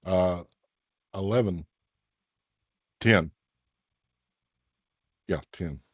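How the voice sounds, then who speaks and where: Low-voiced game master, dry sound. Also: male voice, extremely slow, no echo. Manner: matter-of-fact, calling out damage and rolls. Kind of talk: running a tabletop game.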